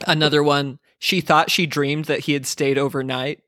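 A man's voice: a little high, flat delivery, moderate pace, a bit bright, no room sound, clean studio sound. Sarcastic man laughing through a chat. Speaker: podcast co-host. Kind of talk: casual comedic book podcast.

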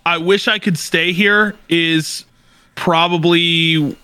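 A man's voice: a little high, fairly even intonation, slow, bright, forceful tone, clean tone, no echo. A man co-hosting a podcast in casual chat, playful and keen on music, breaking into sung snippets. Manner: playful, sings snippets, enthusiastic about bands. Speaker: podcast co-host.

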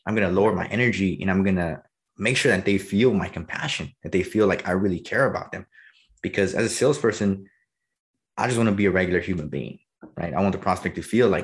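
A man in his early twenties, a salesperson talking in a casual conversation, energetic and animated, laughing often. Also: low-pitched, fast talker. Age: early 20s.

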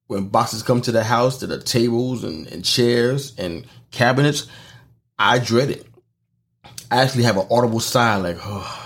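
A middle-aged man hosting a podcast, delivering a conversational sermon with rhetorical questions to listeners. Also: on the low side. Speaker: podcast host and preacher.

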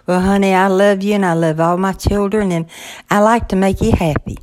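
A woman's voice: medium pitch, fairly even intonation, fairly quick, darkish tone. An older woman who is a grandmother, chatting plainly from her office with fillers and hesitations. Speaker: podcast co-host. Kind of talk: casual chat.

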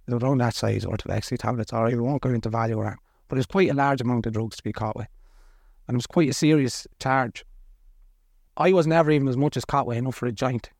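A man's voice: medium pitch, vocal fry, darkish tone, no echo, clean studio sound. A middle-aged man with an Irish accent, a podcast guest telling his own story in a blunt, earnest, colloquial way. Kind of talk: candid personal storytelling.

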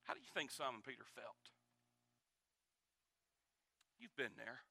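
A man preaching a sermon to a church congregation, shifting dramatically between loud and hushed delivery. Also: mid-range voice, sing-song, unhurried, vocal fry, no echo. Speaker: pastor.

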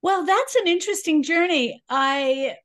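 A woman's voice: sits high, animated, a little slow, fairly bright tone. A woman in her sixties from New York City with a New York accent, chatting as an interview guest with frequent laughs and fillers. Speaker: guest, cooking teacher. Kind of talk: casual interview chat.

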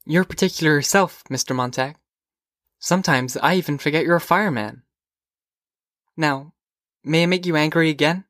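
A man voicing a curious, whimsical teenage girl in an audiobook, with lilting, eager questions that come in quick bursts. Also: on the high side, a bit bright, no echo, studio quality, close to an everyday voice. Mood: wondering. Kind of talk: audiobook character voice.

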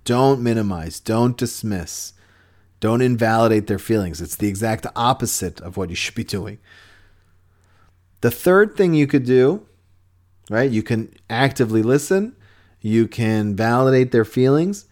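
A man's voice: medium pitch, expressive, measured pace, darkish tone. A man hosting a podcast, giving relationship advice in an earnest, conversational way with frequent restarts. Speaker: podcast host.

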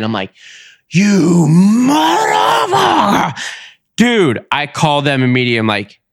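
A man's voice: mid-range voice, a bit bright, clear, resonant tone, no echo, clean studio sound. A young man hosting a podcast, telling a long story in a casual, exasperated way and acting out both sides of each conversation. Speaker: podcast host.

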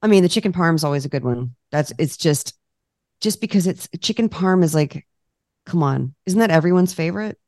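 A woman guest on a food podcast, chatting casually and telling animated stories, laughing often and acting out dialogue. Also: lowish voice, a little fast, no room sound, clean studio sound. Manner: lively storyteller, laughs often, acts out dialogue. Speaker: podcast guest, cookbook author. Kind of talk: casual interview chat.

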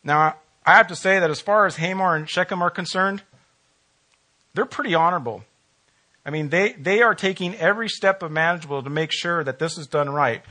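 A man preaching a sermon as a pastor, talking to his congregation in a relaxed, conversational way and often asking them questions. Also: a little high, fairly quick.

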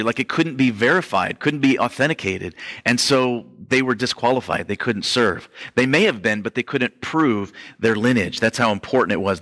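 Man, pastor type, bright forward voice, chatty sermon delivery, lots of "like" and "um". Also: medium pitch. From Western Europe ancestry only; none. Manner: conversational, filler-heavy, says "like" often. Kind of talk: casual sermon teaching.

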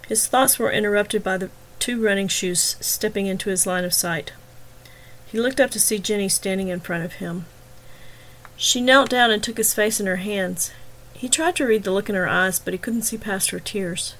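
A woman host and author reading a chapter of her novel in steady, expressive narration. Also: mid-range voice, normal speed, a little hiss or hum, low-quality recording.

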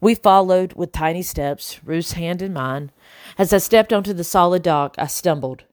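A woman reads a first-person audiobook in a steady, measured way, her voice sitting a little low. She is close to the mic, and the sound is dry with no room around it. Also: dry recording. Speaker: audiobook narrator.

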